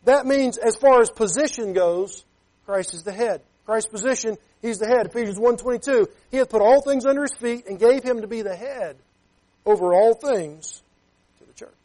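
A man's voice: very high-pitched, normal speed, darkish tone. A man preaching a sermon as a pastor. He talks emphatically, keeps checking with "Okay?", and reads scripture in King James wording.

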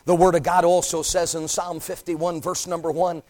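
A man preaching a Baptist sermon, swinging between ringing, loud declarations and hushed, almost whispered lines, and reciting scripture in a cadenced preaching tone. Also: on the high side, flat delivery, moderate pace, low-quality recording. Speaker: Baptist pastor.

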